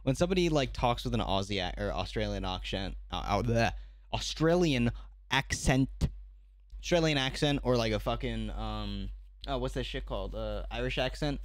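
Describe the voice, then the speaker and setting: Young dude streaming reactions, swears a ton, voice jumps around a lot, dry close mic. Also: male voice, medium pitch, moderate pace, no echo. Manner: animated, swears a lot, restarts mid-thought. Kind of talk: casual reaction chat.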